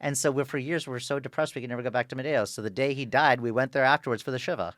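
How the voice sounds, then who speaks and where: A man chatting as a podcast guest, telling family stories in a quick, offhand way. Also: mid-range voice, steady tone, fairly bright tone, dry recording, studio quality. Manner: fast, chatty storytelling. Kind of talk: casual chat.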